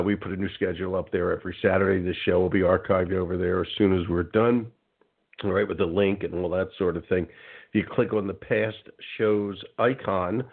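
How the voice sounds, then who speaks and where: Chatty radio host man on a narrow line. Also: fairly low pitch. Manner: rambling, chatty, repeats web addresses slowly. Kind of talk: casual radio talk show chat. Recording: phone-like narrow band.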